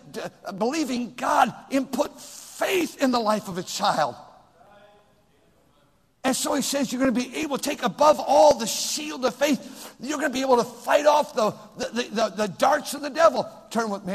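An older man preaching a folksy sermon, swinging between loud outbursts and quiet asides. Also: very high-pitched, big-room sound. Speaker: pastor.

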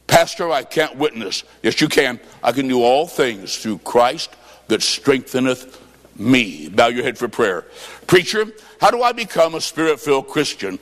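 High-voiced preacher in a reverberant church. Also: male voice, sing-song, moderate pace. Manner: preaching with sudden shouts and drops to low tones. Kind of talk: revival sermon. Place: church sanctuary.

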